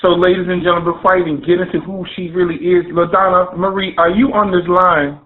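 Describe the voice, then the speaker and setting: A man's voice: high-pitched, steady tone, fast. Effusive Southern man hosting radio. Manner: effusive, playful hype with Southern slang. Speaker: radio show host. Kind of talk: online radio interview introduction. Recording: tinny phone-line audio.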